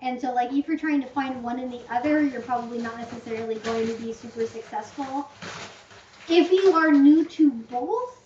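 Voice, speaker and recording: High-voiced chatty woman, echoey room. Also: moderate pace, darkish tone, a little hiss or hum. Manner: chatty, rambling, heavy use of "like", fond of hyperbole. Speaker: channel host answering viewer questions. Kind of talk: casual livestream Q&A. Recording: echoey room, distant muffled mic.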